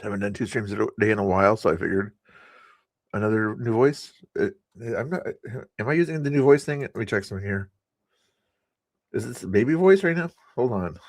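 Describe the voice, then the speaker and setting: A man's voice: fairly low pitch, quick pace, no room sound. A man hosting a live stream, chatting casually about politics and his viewers in a rambling way, with many fillers and chuckles.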